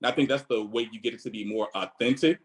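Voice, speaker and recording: A man's voice: medium pitch, steady tone, fast, low-quality recording. A man with a Virginia accent, a choreographer on an online panel, talking earnestly on a video call and thinking aloud. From Virginia, USA.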